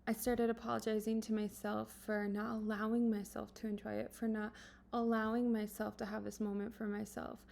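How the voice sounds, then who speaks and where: A woman vlogger sharing a personal story in an earnest, emotional way, speaking softly and haltingly with many fillers. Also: mid-range voice, little pitch movement, creaky. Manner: soft-spoken, halting, full of fillers and restarts; earnest and emotional, at times dropping to a whisper.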